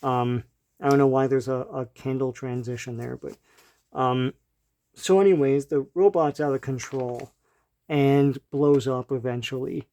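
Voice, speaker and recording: A man with a mellow, mid-pitched voice casually walks through an old comic book. He rambles, restarting sentences and filling gaps with ums and uhs. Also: steady tone, a little slow. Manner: laughs lightly between remarks.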